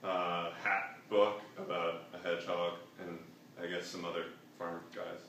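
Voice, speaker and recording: Halting young man reading aloud. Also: deep voice, gravelly, a little hiss or hum. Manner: flat, halting reading with stumbles. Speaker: student. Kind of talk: reading a picture book aloud. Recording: echoey room, mic far off.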